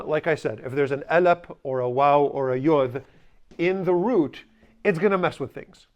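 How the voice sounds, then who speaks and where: A man's voice: a little high, a little mellow. A man with a slightly raised voice leads a language class, emphatic and patient as he drills pronunciation with repeat-after-me. He drops in dry humorous asides. The recording is muffled and lo-fi. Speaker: language teacher.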